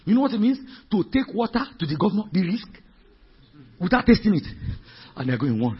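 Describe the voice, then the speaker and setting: A man preaching a sermon as pastor, emphatic and repetitive, dropping to low murmurs and rising to shouts, with rhetorical questions. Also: big pitch swings, fairly quick. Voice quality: very husky, raspy voice. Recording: dull lo-fi recording.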